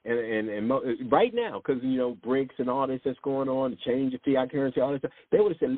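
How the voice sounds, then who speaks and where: A man's voice: medium pitch, fairly quick, few pauses, no echo. A man preaching an impassioned sermon, speaking emphatically and firing off rhetorical questions. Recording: dry, tinny phone-like sound.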